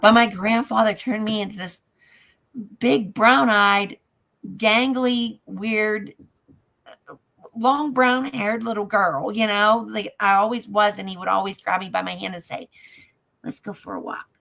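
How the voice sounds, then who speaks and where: A woman telling a personal dream story in a casual chat, halting and emotional, dropping softer at times. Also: medium pitch, fairly even intonation, vocal fry.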